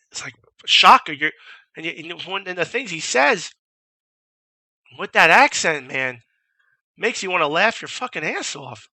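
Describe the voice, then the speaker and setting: A man's voice: on the high side, no room sound. Young man telling a profane story. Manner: profane, animated, imitates drill instructors shouting. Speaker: vlogger. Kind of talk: casual storytelling.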